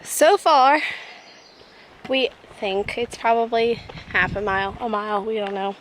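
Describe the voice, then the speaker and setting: A woman's voice: a little high, unhurried, slight background noise, rough recording. A woman vlogging on an outdoor mountain trail, chatting playfully and giggling often. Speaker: travel vlogger. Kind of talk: casual chat while hiking.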